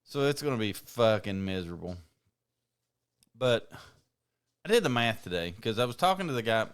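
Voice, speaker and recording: Low, smooth-voiced man swearing casually. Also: sing-song, moderate pace. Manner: profane, rambling storyteller. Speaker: podcast co-host. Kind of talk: casual chat.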